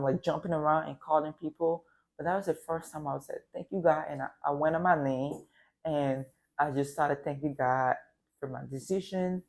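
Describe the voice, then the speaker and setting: A woman's voice: deep voice, darkish tone. A woman from Africa telling a personal story in a casual vlog, emotional and rambling, with talk of faith. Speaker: vlogger.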